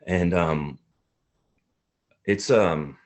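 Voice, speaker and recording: A male actor being interviewed, speaking earnestly and haltingly. He tends to get emotional as he talks. His voice sits fairly low.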